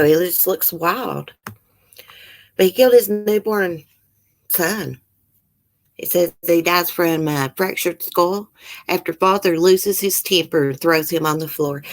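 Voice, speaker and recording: Woman, low voice, channel host, casual true-crime commentary, emotional, blunt. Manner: emotional, reads news aloud and comments bluntly.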